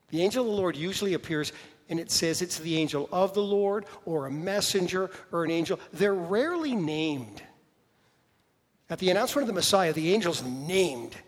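Man preaching in a reverberant hall. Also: on the high side. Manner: conversational preaching with rhetorical questions and slow emphatic pauses. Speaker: pastor. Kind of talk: sermon.

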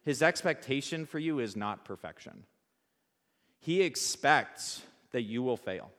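Casual, animated male preacher in a church with long reverb. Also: medium pitch, measured pace. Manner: conversational, animated, asks the audience rhetorical questions. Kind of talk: sermon.

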